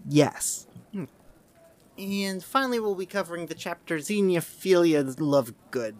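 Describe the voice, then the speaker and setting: Podcast host, casual chat, rambling and tangential, self-amused, mid-pitched voice. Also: expressive, measured pace, darkish tone. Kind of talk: casual chat and reading aloud.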